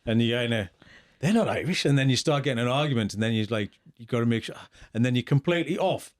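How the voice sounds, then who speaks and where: A man's voice: mid-range voice, quick pace. A man co-hosting a podcast, rambling and jokey, often laughing as he talks. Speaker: podcast co-host. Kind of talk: casual chat.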